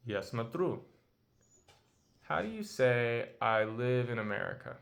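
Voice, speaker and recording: Male language teacher, slow and patient, drills short phrases. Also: mid-range voice, big pitch swings, gravelly, fairly bright tone. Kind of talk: audio language lesson.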